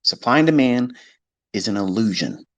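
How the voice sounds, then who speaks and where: A man's voice: lowish voice, animated, moderate pace, lo-fi sound. A man talking to listeners on a live audio stream, blunt and emphatic, swearing freely and mimicking his skeptics. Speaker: trading educator hosting a live audio space. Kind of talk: casual monologue to listeners.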